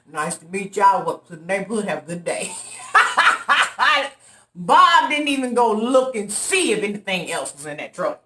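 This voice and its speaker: A woman vlogger telling a long story to her viewers in a casual, dramatic way, acting out the voices of the people in it. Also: medium pitch. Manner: animated, dramatic retelling with loud quoted voices. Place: room in an apartment. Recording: echoey room, voice off-mic.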